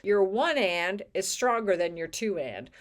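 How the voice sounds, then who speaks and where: A woman teaching choir technique in an educational video, speaking clearly and with emphasis, sometimes singing short examples. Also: medium pitch, lively intonation, unhurried.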